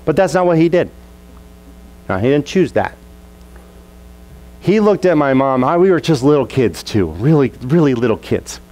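A man's voice: mid-range voice, moderate pace, long pauses, rough recording. Storytelling pastor, a man acting scenes out. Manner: animated, acts out family scenes with voices. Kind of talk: storytelling sermon.

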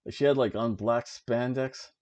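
A man's voice: medium pitch, steady tone, normal speed, a little mellow, highs cut off. A man hosting a casual wrestling review show, rambling along and laughing at his own jokes as he sits at home. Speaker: podcast host reviewing wrestling. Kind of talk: casual chat. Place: home, seated in an old chair.

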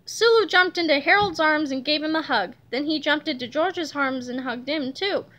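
Bright, high-voiced woman reading aloud. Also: normal speed. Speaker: reader. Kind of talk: reading a children's book aloud.

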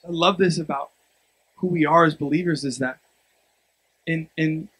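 Young male pastor, husky and a bit high, emphatic sermon delivery. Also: fairly even intonation, moderate pace, rough recording. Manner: emphatic, swings from quiet storytelling to loud exhortation.

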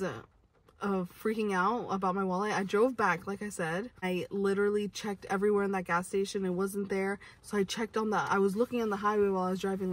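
A young adult woman telling a story to camera, rambling with lots of "like" and restarts. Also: medium pitch. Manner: rambling, heavy use of "like" and restarts. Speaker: vlogger. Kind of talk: casual storytelling. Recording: voice from a distance from the mic.

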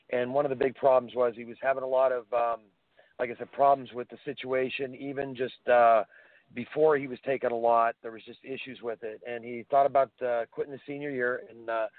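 A man's voice: mid-range voice, dry recording. A man, guest on a radio show, telling enthusiastic anecdotes over the phone. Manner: enthusiastic storyteller, animated anecdotes. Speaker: guest, helmet pad inventor. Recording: dry tinny phone line.

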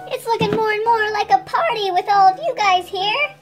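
A woman hosting a toy channel, reading a children's storybook aloud in a bright, sing-song manner. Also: very high voice, normal speed, music in the background.

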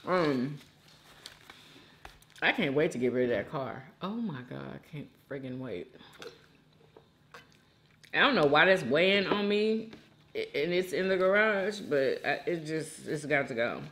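A woman's voice: low voice, unhurried, pauses often. A woman hosting an eating show, chatting casually and effusively and talking straight to her viewers. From United States. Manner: animated and effusive, talks straight to viewers as "y'all".

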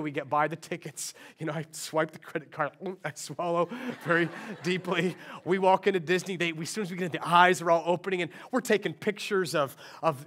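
Middle-aged male pastor, high-pitched voice, animated storytelling sermon delivery. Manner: animated storytelling, acting out dialogue. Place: church sanctuary.

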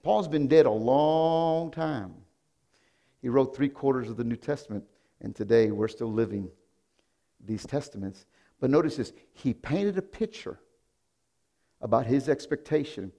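A man pastor preaching a sermon, telling a story in a hushed voice and then breaking into loud, animated exclamations. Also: mid-range voice, measured pace. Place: church sanctuary.

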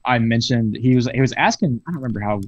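A man's voice: mid-range voice, fast, highs cut off. A man in his twenties, a podcast guest, telling a story animatedly with frequent swearing over a video call. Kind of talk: casual storytelling chat.

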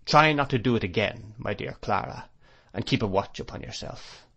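A man's voice: medium pitch, normal speed, vocal fry, bright, forceful tone. A man voicing a grave, domineering stepfather who speaks sternly.

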